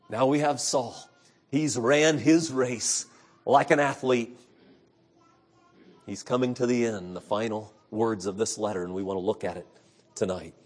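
A middle-aged male pastor preaching an earnest sermon, moving between loud emphatic passages and hushed, low storytelling. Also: fairly even intonation, normal speed. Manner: earnest, preacherly retelling of scripture.

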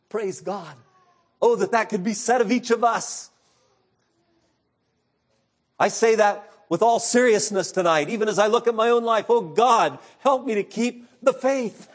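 A man preaching an evening sermon, earnest, moving between hushed, quiet passages and impassioned outbursts. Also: high voice, a little slow.

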